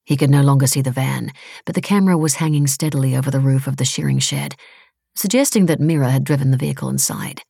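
A woman reading a novel aloud in steady, wry, measured audiobook narration. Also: very deep voice, creaky, husky, dry recording, studio quality.

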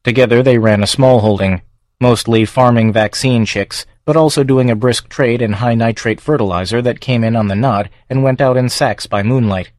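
A man reading a story aloud in steady, scripted narration. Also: mid-range voice, normal speed, no room sound, studio quality. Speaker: audiobook narrator.

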